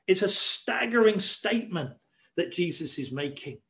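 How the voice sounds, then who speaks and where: A man preaching a sermon, expressive and varied, acting out quoted voices and shushing as he tells the story. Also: a little high, normal speed.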